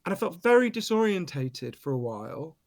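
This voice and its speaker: A British man with a fairly high voice tells his stories with real animation. He is a guest author in an interview, emphatic and quick to swear. His pitch leaps and swoops as he gets caught up in the telling. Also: very animated. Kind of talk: storytelling interview.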